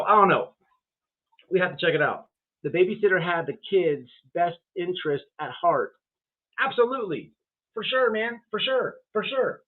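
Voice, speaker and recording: A livestream host with a high voice and lively intonation talks at normal speed, reacting to chat with blunt, profane rambling. Fillers and restarts pile up, all through tinny, phone-like sound.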